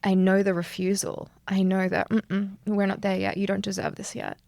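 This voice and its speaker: A woman speaks in a reflective interview, earnest and animated, laughing often. Her voice has a gravelly, fry-tinged edge. The sound is close and dry. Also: mid-range voice, moderate pace, dry recording. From Australia. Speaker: yoga instructor, guest.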